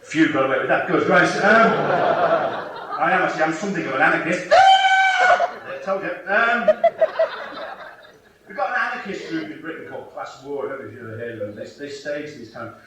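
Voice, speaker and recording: A brash, shouty stand-up comic, his pitch leaping all over as he mocks the crowd. He is caught from far off on a hissy 1991 cassette. The hall behind him rings with a heavy echo. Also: lively intonation, brisk. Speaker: stand-up comedian. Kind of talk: live stand-up comedy. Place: theatre stage with audience. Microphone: cassette recorder in the audience. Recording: distant, noisy 1991 cassette recording.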